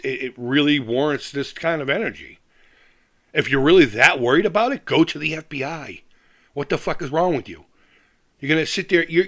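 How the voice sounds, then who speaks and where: A middle-aged man hosting a live stream, talking casually and ranting hard at commenters. His voice is bright and edgy with a gravelly crackle, and it swings widely up and down. He swears constantly and breaks into laughs. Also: a little high. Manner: profane, ranting, laughs often. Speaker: livestream host.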